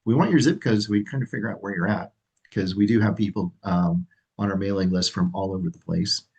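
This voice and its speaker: A man's voice: low-pitched, brisk, a little mellow, slightly rough, low-quality recording. A man hosting a livestream as association president, talking in an upbeat, rambling way with fillers. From California. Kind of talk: livestream presentation.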